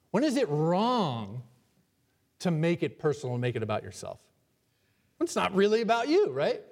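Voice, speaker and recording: A male pastor preaching a sermon to his congregation, emphatic and varying between loud and hushed, asking the people questions. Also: on the high side, in a large hall.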